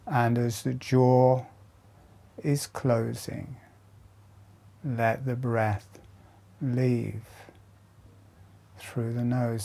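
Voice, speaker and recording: Very slow, dark-voiced male meditation guide. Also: mid-range voice, vocal fry. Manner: slow, calm, soft instructions with long pauses. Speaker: breathwork teacher.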